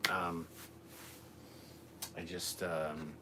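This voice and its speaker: Deep-voiced man chatting casually on a livestream. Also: flat delivery, drawn-out words, noisy background. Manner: rambling, easygoing, lots of fillers and asides. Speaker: livestream host reading chat. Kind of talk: casual live-stream chat. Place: home room with TV. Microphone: camera mic at a distance.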